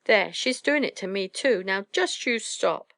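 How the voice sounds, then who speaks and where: A woman voicing squabbling little owlets with squeaky, whining voices. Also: animated, measured pace, vocal fry, a bit bright, no echo, studio quality.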